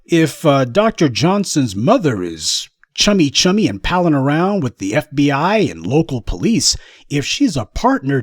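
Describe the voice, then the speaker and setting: Man, political commentator, mocking and combative, lively pitch, fairly high voice. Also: dry recording, clean studio sound. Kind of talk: monologue commentary.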